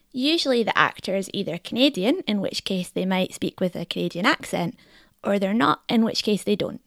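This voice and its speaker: A woman narrating as presenter, with a clear, lightly wry delivery. Her pitch moves about a lot and has a gravelly edge. The recording is a dry, close voice-over. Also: dry recording. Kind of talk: scripted narration.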